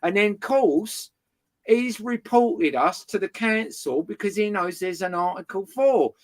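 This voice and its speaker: A guest telling a neighbour feud story in casual chat, swearing constantly and retelling scenes in an animated way. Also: mid-range voice, measured pace.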